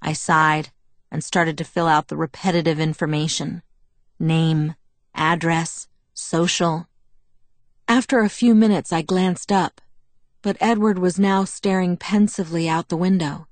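A woman reading a novel aloud as narrator, in a steady, even storytelling manner. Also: fairly low pitch, measured pace, no echo. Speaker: audiobook narrator. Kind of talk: scripted narration.

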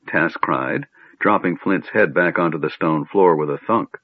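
An audiobook narrator with a husky, low-pitched male voice tells a scripted story expressively at a moderate pace. The sound is tinny and phone-like, completely dry with no room sound.

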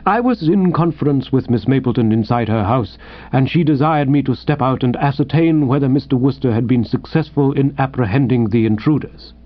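A man voicing a calm, dignified valet who speaks softly and formally, on a dull lo-fi recording. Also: mid-range voice, close to an everyday voice. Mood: composed. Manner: soft, measured, formal speech.

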